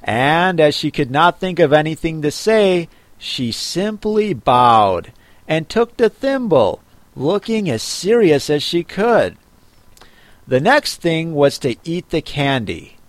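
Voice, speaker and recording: A man reading a children's classic aloud in measured storybook narration. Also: on the high side, sing-song, no echo. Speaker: audiobook reader.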